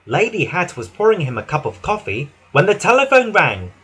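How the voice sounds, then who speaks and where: A man narrating a children's storybook with an animated, expressive reading. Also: high voice, moderate pace, slightly rough.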